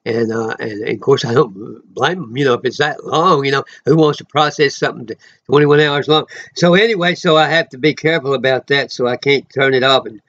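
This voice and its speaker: A man giving an informal, rambling sermon he records himself, full of emotional asides and sudden loud exclamations. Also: mid-range voice, a little fast, muffled recording. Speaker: preacher.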